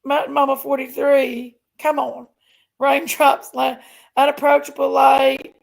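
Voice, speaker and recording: Speaking unhurriedly in a level tone with vocal fry, this high-voiced woman runs a relaxed livestream. Between reading off viewer names and thanking members, she vents about her sister.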